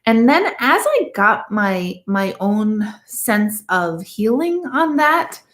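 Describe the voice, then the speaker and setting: A woman's voice: mid-range voice, slow pace. Chatty woman medium in an echoey room. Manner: chatty, rambling storyteller with lively asides. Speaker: medium reading viewer comments. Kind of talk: casual livestream chat.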